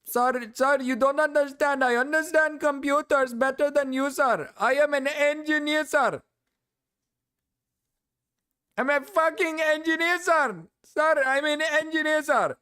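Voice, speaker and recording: A man's voice: moderate pace, few pauses, sharp tone. A man putting on a mocking voice as a pushy, insulting male scam caller. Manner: high mocking put-on voice, insults.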